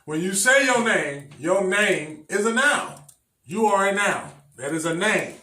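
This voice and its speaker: A male preacher with a high voice teaches a sermon. He speaks emphatically and repeats his phrases for the listeners. The sound is echoey and picked up from some distance away. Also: expressive, measured pace, sharp tone. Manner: emphatic, repetitive, addresses the congregation directly. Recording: echoey room, mic at a distance.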